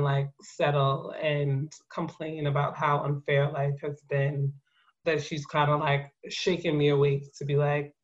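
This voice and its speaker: A woman in her thirties from New Jersey, a guest in an interview, telling her story in a lively way with laughs and acted-out quotes. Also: low voice. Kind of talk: conversational interview. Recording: muffled lo-fi audio.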